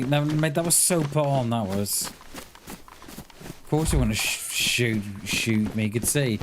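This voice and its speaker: A man's voice: mid-range voice, slow pace, background noise. A man from the UK streaming a survival game, chatting casually and talking to himself as he plays. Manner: chatty, talks to himself while playing. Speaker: livestreamer. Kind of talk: casual gameplay commentary.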